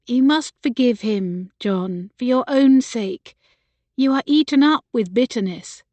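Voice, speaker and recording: A narrator voicing a gentle, worried young woman. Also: a little high, lively intonation, a little slow, no room sound. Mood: concerned. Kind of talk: audiobook character voice.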